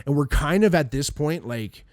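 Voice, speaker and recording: Animated, swearing male storyteller, dry sound. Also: a little high, normal speed, no echo. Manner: animated storyteller, acts out quotes, swears a lot, laughs often. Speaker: podcast guest. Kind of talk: casual storytelling.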